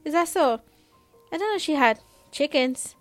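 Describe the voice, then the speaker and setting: A woman's voice: sits high, expressive, normal speed, faint music behind, pitched above the performer's own voice. A woman voicing a fussy, polite suburban mother who asks sweet, sing-song questions. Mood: sweetly curious.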